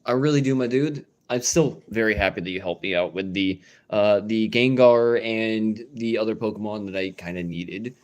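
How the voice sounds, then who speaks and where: A man's voice: fairly low pitch, normal speed, hardly any pauses. Rambling, swearing male streamer. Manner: rambling, swears, many fillers and restarts. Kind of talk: casual stream chat. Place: at home indoors.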